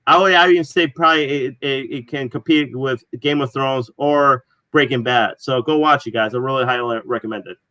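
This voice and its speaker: Casting note: man, casual podcast co-host, rambling storyteller, bright, dry close sound. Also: mid-range voice, brisk, few pauses, no echo, low-quality recording. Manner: rambling, filler-heavy storytelling. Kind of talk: casual chat.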